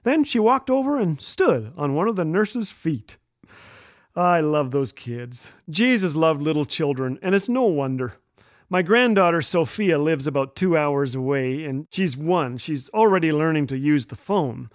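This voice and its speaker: An older man hosting a radio show, delivering a humorous monologue as playful storytelling with quick punchlines. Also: fairly high pitch, animated, dry recording, clean studio sound.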